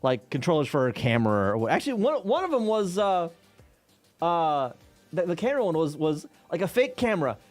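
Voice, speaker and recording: A man's voice: on the high side, big pitch swings, a little fast, soft background music. A man live-streaming while reverse engineering game code, chatting casually and rambling, with frequent swearing, laughter and restarts.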